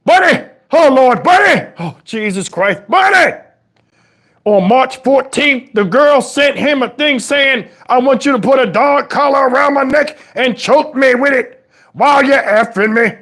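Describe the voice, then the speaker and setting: A man's voice: very high-pitched, moderate pace, exaggerated voice. Scolding old dad, as a man puts him on. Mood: indignant. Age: older. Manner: exasperated scolding, preachy, swears, shouts at times. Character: scolding elderly father, preachy and outraged. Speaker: comedian. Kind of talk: comedic rant in character.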